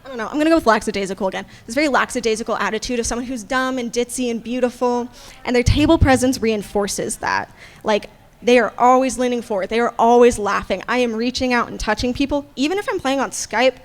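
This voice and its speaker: A woman game master speaking on a convention panel in an animated, casual way, swearing freely. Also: on the high side, fast.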